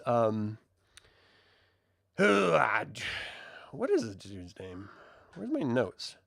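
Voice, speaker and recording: A man's voice: a little high, dry recording, studio quality. A man casually reviewing a TV episode, rambling and joking as he recaps. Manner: jokey, rambling, animated.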